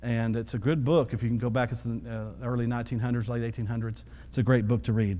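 A man's voice: medium pitch, fairly even intonation, quick pace, few pauses, warm tone. A man in his thirties preaching a sermon, talking conversationally and then building to emphatic repetition. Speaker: pastor. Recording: long hall reverb.

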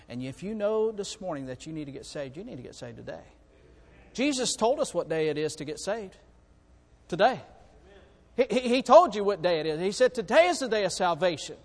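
A male preacher delivering an impassioned, repetitive sermon that swings from quiet to loud. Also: on the high side, in a large hall.

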